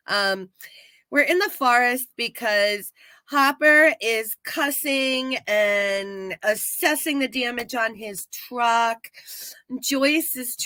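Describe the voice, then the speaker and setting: A woman co-hosting a casual live-stream, retelling an episode in animated fashion and acting out quotes. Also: on the high side, dry recording. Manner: animated storyteller, acts out quotes. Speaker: podcast co-host recapping a TV episode. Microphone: live-stream setup.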